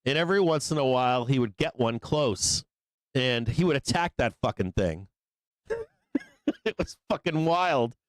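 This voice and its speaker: A man's voice: medium pitch, lively intonation, unhurried, no echo. A man hosting a live trading show, telling a long story in a casual, profane, rambling way, laughing often between lines. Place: studio office.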